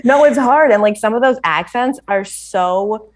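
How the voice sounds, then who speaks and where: A woman with an American accent, a guest on a podcast, telling a story in animated casual chat, full of "like" and laughter. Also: medium pitch, unhurried. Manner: animated storytelling, many "like" fillers, frequent laughter.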